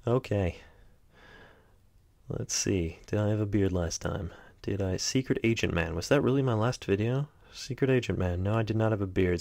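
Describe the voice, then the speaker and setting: A young man vlogging unscripted, chatty and self-mocking, often trailing off into quiet mutters. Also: on the low side, gravelly. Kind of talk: unscripted rambling vlog.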